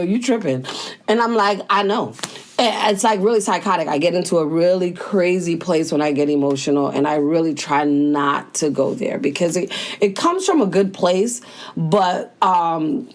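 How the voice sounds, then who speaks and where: A woman's voice: on the low side, normal speed, a little hiss or hum. A woman hosting a motivational daily talk, speaking casually and conversationally with slang, straight to the listener. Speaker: host.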